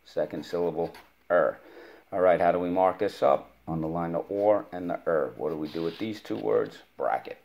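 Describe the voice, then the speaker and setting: Male teacher, very low voice, patient and encouraging, drills spelling words with a young student. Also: brisk, vocal fry, few pauses, lo-fi sound. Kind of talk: spelling lesson for a child.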